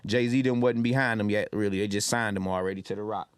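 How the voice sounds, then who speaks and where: A man in his thirties from Detroit, telling lively stories as a podcast guest and acting out what people said. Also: lowish voice, fast talker, clear, resonant tone, no echo. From Detroit, Michigan. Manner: animated storyteller, loud when acting out quotes. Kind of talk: casual storytelling.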